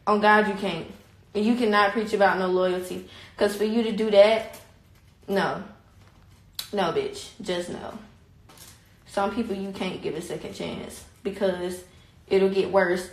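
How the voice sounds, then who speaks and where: Heated, blunt young woman in a roomy space. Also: medium pitch. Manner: heated, repetitive, blunt and profane. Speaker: livestreamer. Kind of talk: casual livestream rant. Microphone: phone on a live stream. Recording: roomy phone live stream.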